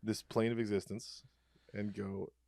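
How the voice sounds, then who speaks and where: A man co-hosting a casual comedy podcast, telling dark jokes in a deadpan, rambling way. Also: lowish voice, measured pace, creaky, no echo. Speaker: podcast co-host.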